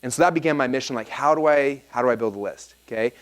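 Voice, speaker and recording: An energetic man tells a story to a live seminar audience at a brisk, rapid clip. His talk is casual and loose, with lots of "like" fillers between his points. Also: medium pitch. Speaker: seminar presenter.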